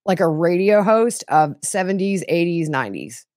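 Animated woman podcast guest, low voice. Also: no echo, studio quality. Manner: animated, candid, quick asides. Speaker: podcast guest, trial reporter. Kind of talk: casual interview chat.

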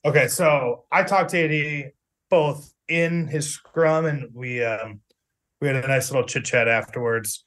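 A man's voice: medium pitch, unhurried, a bit bright. A middle-aged man co-hosting a casual sports podcast, talking in a chatty, jokey way with plenty of fillers. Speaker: podcast co-host, sports reporter.

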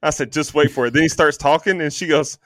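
A man co-hosting a podcast, chatting casually about a movie, animated, swearing freely and filling gaps with ums. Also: on the high side, fairly quick, no echo, clean studio sound. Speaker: podcast co-host. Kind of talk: casual movie review chat.

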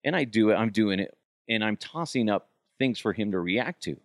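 Expressive and lowish in pitch, the man hosting this podcast rambles through profane anecdotes in casual conversation, leaping into put-on voices now and then. It's studio quality with no room sound.

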